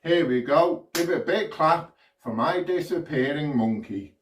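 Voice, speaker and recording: A man's voice: a little high, expressive, unhurried. A man from the UK doing a children's magic show, with chirpy, sing-song patter that invites kids at home to join in. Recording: echoey room, far from mic.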